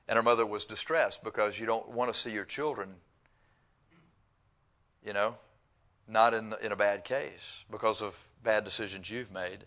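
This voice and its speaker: A middle-aged male pastor in full sermon mode, folksy and animated. He reads out scripture, then slips into long stories, chuckling and taking on the voices of the people he quotes. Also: on the low side, moderate pace. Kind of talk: sermon with storytelling.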